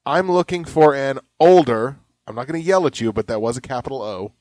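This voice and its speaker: A young man co-hosting a comedy podcast, joking around and reading ads aloud with mock yelling. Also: mid-range voice, lively intonation, fast, no room sound. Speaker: podcast co-host. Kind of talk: casual comedic chat.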